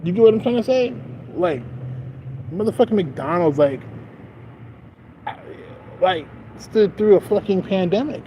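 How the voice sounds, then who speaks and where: With traffic passing nearby outdoors, this young male streamer speaks in a high, warm, animated voice that runs a little slow with long pauses. His talk is a loose, profane, rambling monologue, full of fillers and frequent laughter.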